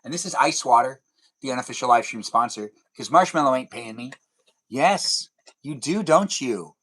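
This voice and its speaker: A man's voice: medium pitch, expressive, moderate pace, fairly bright tone, breathy edge. Playful man chatting on a live stream. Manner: playful, teasing, rambling. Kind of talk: casual live stream chat reading comments.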